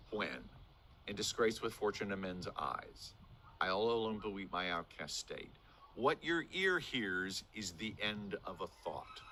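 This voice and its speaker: A man in his sixties, an acting teacher giving a lively lesson on speaking verse, demonstrating delivery and swinging his voice up and down for emphasis. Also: on the low side, slight background noise.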